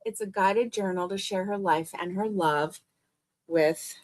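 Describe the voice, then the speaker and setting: A woman's voice: mid-range voice, unhurried. An older woman hosting a crochet live stream, chatting in a gushing, friendly way and laughing easily. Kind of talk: casual live stream chat.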